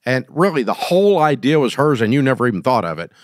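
A man's voice: medium pitch, very animated, quick pace, no room sound, studio quality. A middle-aged man, hosting and giving business advice in a casual, folksy, emphatic way. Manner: folksy, emphatic, acts out quoted scenes.

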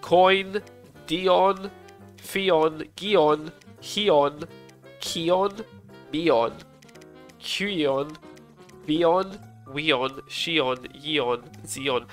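A man's voice: on the high side, very slow, long pauses. Young guy streaming a game, swears a lot, chats with viewers, game music going behind. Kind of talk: casual live gaming commentary.

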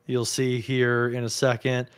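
A man's voice: medium pitch, completely flat delivery, unhurried, clean tone. A man co-hosting a casual tech discussion, thinking aloud with hedges and restarts. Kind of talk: casual explanatory chat.

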